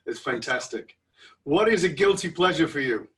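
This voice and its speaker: A man's voice: fairly high pitch, lively intonation, normal speed, fairly bright tone. A man hosting an interview podcast, asking questions with enthusiastic irreverence. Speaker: podcast host. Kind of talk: casual interview chat. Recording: voice a bit far from the mic.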